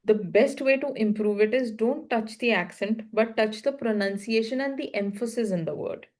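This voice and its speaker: A woman's voice: fairly high pitch, moderate pace, a little mellow. A woman coaching a learner one-on-one, explaining patiently in short, repeated phrases. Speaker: English speaking coach.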